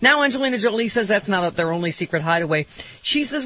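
A woman's voice: medium pitch, sing-song, brisk, muffled recording, a little hiss or hum. A woman hosting political comedy talk radio, wisecracking and reading listener mail with sarcasm. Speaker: radio talk show host.

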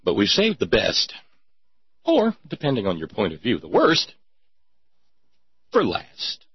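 Sarcastic husky-voiced male commentator. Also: on the low side, huge pitch swings, unhurried, no echo, lo-fi sound. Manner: sarcastic, mocking, theatrical emphasis. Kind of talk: sarcastic political commentary monologue.

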